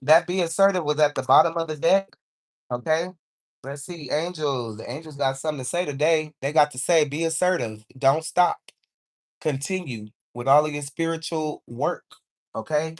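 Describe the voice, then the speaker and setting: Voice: medium pitch, moderate pace. A spiritual card reader doing a live reading for her viewers, encouraging them and calling on angels, with "okay?" after nearly every line. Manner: encouraging, repeats "okay?" often; informal speech, calls on angels.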